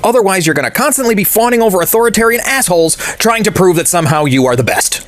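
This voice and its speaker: A man with a high voice that leaps all over the place, firing out a fast, profane rant. He is scornful and sarcastic throughout, and his voice sounds close and dry. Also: animated, fairly bright tone, no echo. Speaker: political commentator. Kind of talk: ranting video commentary.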